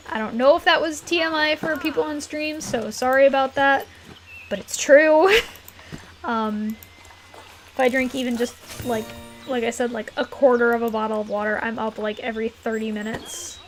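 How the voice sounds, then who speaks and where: A woman's voice: a little high, normal speed, faint music behind. Chatty, giggly woman streaming a game. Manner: chatty, giggly, rambling with many fillers. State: throat getting a little rough. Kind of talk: casual live-stream chat while playing. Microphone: desk mic in a closed room.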